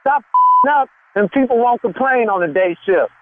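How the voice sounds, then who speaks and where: High, lively man on a noisy phone line. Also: normal speed. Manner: heated, defensive, profane. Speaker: prank call target at work. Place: factory floor. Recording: tinny phone line, loud noise.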